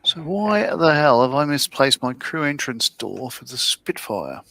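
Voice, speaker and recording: A man's voice: medium pitch, very animated, a little slow, creaky, pushed and bright. A man with a mid-range voice, chatting casually about his models. He asks questions easily and goes into fussy technical detail. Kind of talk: casual chat while modelling.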